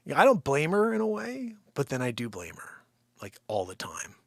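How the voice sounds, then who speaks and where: A man's voice: medium pitch, huge pitch swings, moderate pace, gravelly, no room sound. A man hosting a live stream, rambling through an improvised comic monologue, bickering with an off-screen partner and dropping into muttered, whispered asides.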